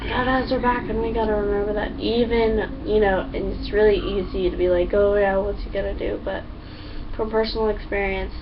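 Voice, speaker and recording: A young woman talking to camera in a casual, excitable, chatty way, full of fillers and acted-out quotes. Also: medium pitch, a little fast, distant mic. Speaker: vlogger. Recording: dull lo-fi sound, a bit off-mic, faint hum.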